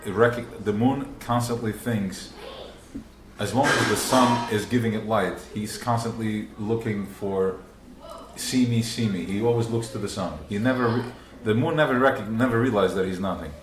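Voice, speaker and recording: Low-voiced man teaching in an echoey room. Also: moderate pace, noisy background. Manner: earnest, repetitive restarts, acts out inner voices. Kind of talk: live religious class. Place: room with a small group. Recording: roomy live recording.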